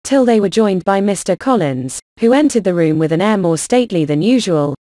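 A woman narrating a classic novel as an audiobook, in an even, measured reading. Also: medium pitch, no echo, clean studio sound.

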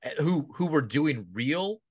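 A man's voice: a little high, animated, a little slow, breathy edge, no room sound. A man chatting about a movie in a wry, critical way, laughing as he talks. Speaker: podcast co-host. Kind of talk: casual movie discussion.

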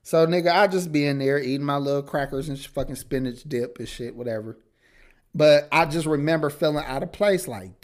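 A man's voice: a little high, fairly quick. A man co-hosting a podcast, telling stories in casual, profane chat and slipping into mocking voices. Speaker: podcast co-host.

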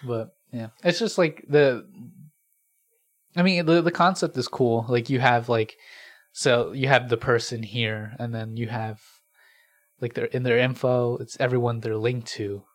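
A man's voice: mid-range voice, fairly even intonation, a little slow, no room sound. A man in casual chat, talking hesitantly with lots of fillers and casual swearing.

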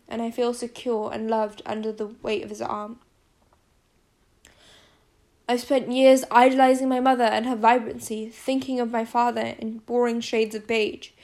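Woman narrating with a creaky, flat voice. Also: a little high. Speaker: audiobook narrator. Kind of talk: first-person scripted narration.

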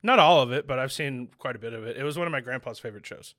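A man chatting on a podcast, opinionated and quick to react. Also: medium pitch, fairly bright tone, no room sound, studio quality. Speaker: podcast co-host. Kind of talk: casual chat.

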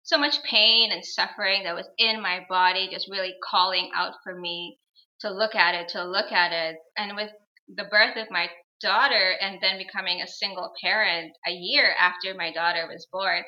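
A woman's voice: medium pitch, fairly even intonation, normal speed, sharp tone, dull audio. A woman in her thirties, a guest on an interview show, telling a personal story in an earnest, reflective way and repeating phrases for emphasis.

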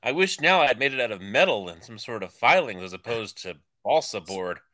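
A man's voice: mid-range voice, lively intonation, fairly quick, bright, forceful tone. A man co-hosting a podcast, tossing in sarcastic quips during casual banter. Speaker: podcast co-host.

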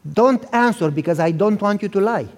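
Accented guy preaching, animated storytelling, high voice, echoey hall. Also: normal speed. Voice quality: accented speech. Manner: animated, acts out dialogue, talks directly to the listeners. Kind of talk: storytelling sermon. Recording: reverberant hall.

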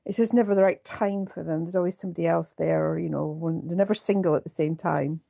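Low gravelly woman chatting about films. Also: fairly even intonation, quick pace, dark tone, no echo. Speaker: podcast co-host. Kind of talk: casual film chat.

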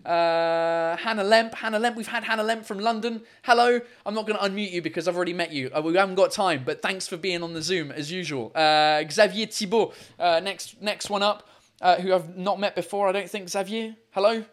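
A man's voice: high-pitched, steady tone, a little fast, fairly bright tone. A man hosting a live video call show, chatting in an upbeat way with callers and often stumbling over and repeating his words. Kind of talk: casual live-stream chat with callers. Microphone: computer mic on a video call.

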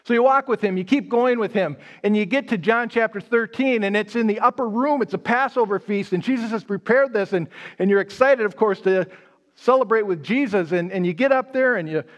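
A man's voice: high voice, brisk. A man pastor giving a live sermon, telling the story conversationally and casting his listeners as the disciple Peter. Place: church sanctuary.

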